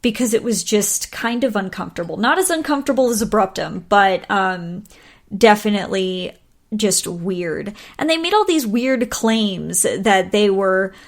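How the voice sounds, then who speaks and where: A woman's voice: mid-range voice, animated, unhurried. A woman hosting a podcast alone in casual chat, laughing often and talking with plenty of ums and likes. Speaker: podcast host.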